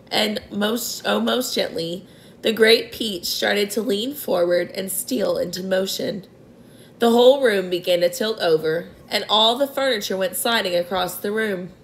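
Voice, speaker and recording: Expressive woman reading a children's book. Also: mid-range voice. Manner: expressive storytelling. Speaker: reader. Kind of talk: children's book read aloud.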